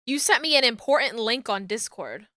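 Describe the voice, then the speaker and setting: A young woman chatting casually on a live stream while rigging a model, excitable and full of laughs and fillers. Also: a little high, normal speed, dry recording, clean studio sound.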